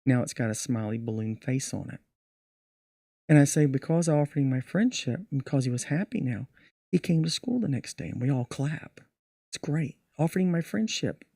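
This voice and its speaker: A man's voice: a little high, creaky, dry recording, studio quality. A middle-aged man, a magician, telling stories from his show in a casual podcast interview. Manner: animated storyteller acting out his show. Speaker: magician guest.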